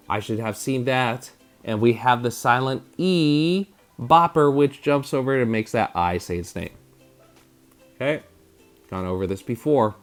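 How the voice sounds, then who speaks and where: Gravelly slow-talking man teaching spelling. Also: fairly low pitch. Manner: energetic, sound effects like bam; sounds out letters slowly. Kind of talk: spelling lesson for children.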